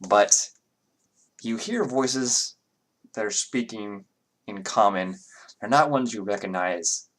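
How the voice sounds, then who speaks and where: A man narrating a tabletop game as game master, pausing often with fillers as he describes the scene. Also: on the low side, fairly bright tone. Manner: halting, with many fillers.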